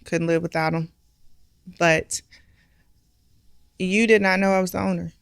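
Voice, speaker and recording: A woman's voice: lowish voice, steady tone, a little slow, vocal fry, smooth, dry recording. A middle-aged woman, a bar owner, speaking candidly and emphatically in an interview, often using rhetorical questions. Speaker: guest, restaurant and bar owner.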